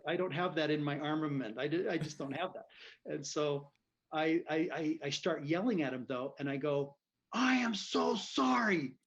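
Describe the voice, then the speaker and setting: A man telling a story in a casual interview, animated and quick to laugh. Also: fairly high pitch, highs cut off. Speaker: physician guest.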